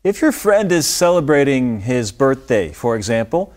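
A man co-hosting a scripted English lesson, explaining an idiom with clear, patient examples. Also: mid-range voice, big pitch swings, normal speed, a little mellow. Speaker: English teacher. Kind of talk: scripted language lesson dialogue.

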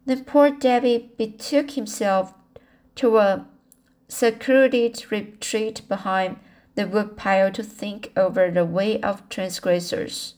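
A woman's voice: medium pitch, fairly even intonation, slow, darkish tone. A woman reading a novel aloud as an amateur audiobook narrator, restarting lines after slips. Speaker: audiobook reader.

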